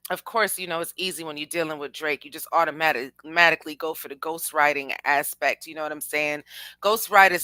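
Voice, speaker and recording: A young woman hosting a casual music commentary show, talking in an animated, slangy way and addressing her chat. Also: low-pitched, no echo. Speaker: podcast host.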